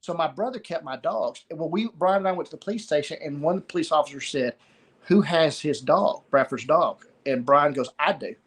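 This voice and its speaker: A middle-aged man with a somewhat high voice tells a personal story of loss. He speaks haltingly, pausing often and starting phrases over. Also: breathy edge. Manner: halting, pauses and repeats words. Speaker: guest sharing a story of loss.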